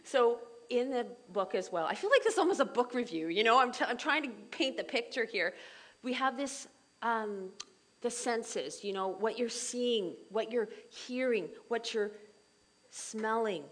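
A middle-aged woman leading a Bible study group in a chatty, animated way, full of asides and fillers. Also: a little high, a little slow, low-quality recording.

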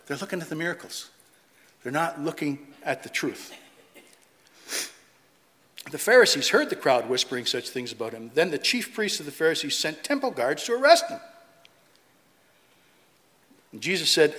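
A middle-aged man preaching a sermon in an animated way, mocking opponents' voices and reading scripture aloud. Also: a little high, normal speed. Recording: long hall reverb.

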